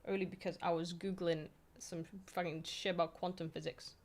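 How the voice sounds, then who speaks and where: A woman's voice: on the low side, little pitch movement, normal speed. A woman from Poland streaming from home, chatting loosely with her viewers, full of fillers, swearing and easy laughs. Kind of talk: casual chat answering viewer questions.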